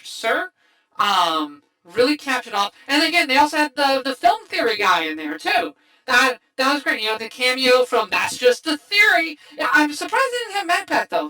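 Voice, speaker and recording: A woman hosting a casual livestream movie chat, excitable and rambling with many restarts. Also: a little high, low-quality recording. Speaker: streamer host.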